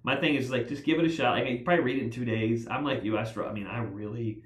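A man telling stories as a podcast guest, rambling and animated, with constant "like" fillers. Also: medium pitch, fast. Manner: rambling, animated, heavy use of "like". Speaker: guest author. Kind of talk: casual podcast storytelling. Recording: roomy echo.

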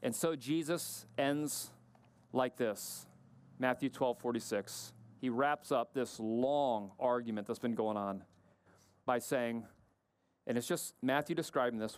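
A middle-aged man preaching a sermon, emphatic and questioning, often dropping his voice low to stress a point. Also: measured pace, smooth, no room sound. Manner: emphatic, questioning, varies pace and drops low for weight. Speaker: pastor.

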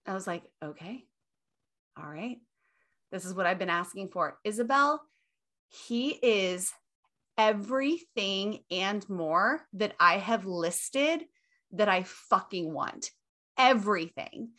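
A young woman talks on her podcast in a loose, casual chat, her voice bright and forward. She gushes and leans hard on her words, dropping swear words freely as she goes. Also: medium pitch, expressive, slow pace. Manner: gushing, emphatic, swears freely. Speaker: podcast host.

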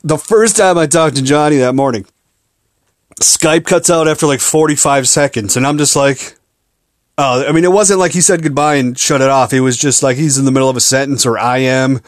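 Recorded dry with studio quality, a young podcast host from Minneapolis speaks briskly at medium pitch. His storytelling monologue is casual and meandering, profane and self-deprecating.

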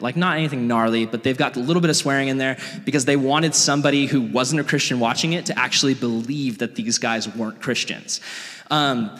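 A man's voice: mid-range voice, a bit bright. Chatty man preaching in an echoey church. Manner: chatty, lots of "like", earnest. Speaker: pastor. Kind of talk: casual sermon.

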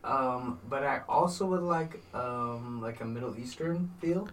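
A man with a mid-range voice who stalls and hedges with fillers. Other people are clearly heard around him. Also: medium pitch, measured pace, a crowd in the background, poor audio. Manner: hesitant, filler-heavy. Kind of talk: casual podcast banter.

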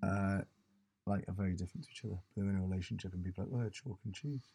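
A man's voice: low-pitched, flat delivery, racing, gravelly, dark tone, breathy edge. A man on a podcast, dry and wry in a casual chat. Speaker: podcast co-host.

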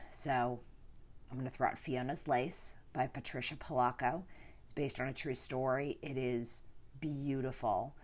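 A woman hosting a podcast, talking in a chatty, animated way with playful asides. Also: a bass voice. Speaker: podcast host. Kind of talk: casual podcast chat.

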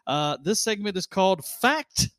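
A man's voice: sits high, lively intonation, a little slow, fairly bright tone, no echo, studio quality. A man hosting a faith-themed podcast in casual chat, rambling and laughing often. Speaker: podcast host.

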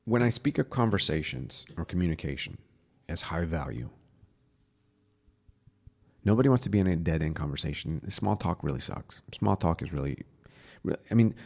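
A man hosting a spiritual podcast, teaching in a casual, earnest way and dropping to a soft, slow voice to demonstrate. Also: low voice, expressive.

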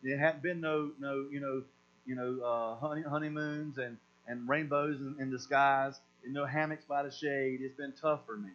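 A man preaching a sermon as pastor, animated and repeating words as he acts out voices. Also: mid-range voice, normal speed. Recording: dull lo-fi recording with mains hum.

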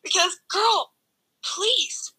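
A young woman co-hosting a casual movie review chat, blunt and sarcastic in an animated way. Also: very high-pitched, very slow, low-quality recording. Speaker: co-host.

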